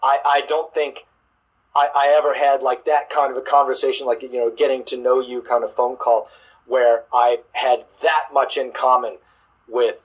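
A man with a husky, slightly breathy voice talks casually as an interview guest. He trips over his words, restarting sentences and filling gaps with fillers. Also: mid-range voice, level tone, low-quality recording. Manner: halting, many restarts and fillers. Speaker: guest drummer.

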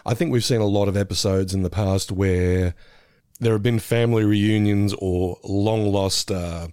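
A man's voice: fairly low pitch, fairly even intonation, moderate pace, a little mellow, clean tone, no echo. A middle-aged man co-hosting a podcast, chatting casually about an episode and laughing often. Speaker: podcast co-host. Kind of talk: casual chat reviewing an episode.

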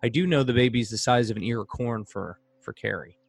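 A man's voice: mid-range voice, brisk, gravelly, faint music behind. A man co-hosting a podcast, chatting casually in an easygoing, joking way with frequent restarts. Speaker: podcast co-host, expectant father. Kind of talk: casual chat.

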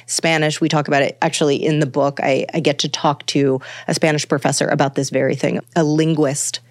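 A woman's voice: low-pitched, little pitch movement, a little fast, dry recording, studio quality. A woman author talking at length about how voices sound, thoughtful and searching, full of fillers and restarts. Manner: thoughtful, exploratory, many fillers. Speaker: guest author on voice. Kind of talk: conversational podcast interview.

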